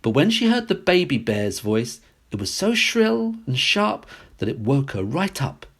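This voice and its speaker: A man reading a classic fairy tale aloud as a storyteller, expressive and sing-song. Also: medium pitch, measured pace, slightly rough.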